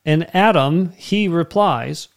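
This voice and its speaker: A man's voice: on the high side, slow, gravelly. A man preaching a sermon as pastor, in a conversational way that keeps checking in with the listeners.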